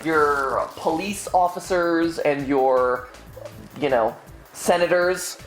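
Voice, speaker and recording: A man's voice: on the high side, takes it slowly, faint music behind. A young man co-hosting a casual livestream, joking and teasing and often laughing. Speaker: livestream co-host.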